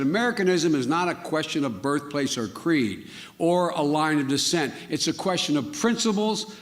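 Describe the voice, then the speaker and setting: An older man giving a public speech in an earnest, deliberate way, heard as an archive clip. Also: on the high side.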